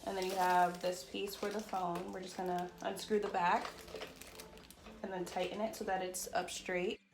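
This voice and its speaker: Woman vlogger, chatty and excitable, casual at-home unboxing, camera on a tripod in a bedroom, faint music underneath. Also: fairly low pitch, moderate pace. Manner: chatty, excitable, says "like" and "y'all" a lot. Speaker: beauty vlogger. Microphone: phone or camera on a tripod.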